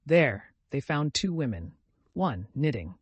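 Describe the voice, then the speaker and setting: Guy reading a classic novel audiobook, steady mid voice, dry no room. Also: medium pitch, slow pace, breathy edge, dry recording, dull audio. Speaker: narrator. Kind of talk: audiobook narration.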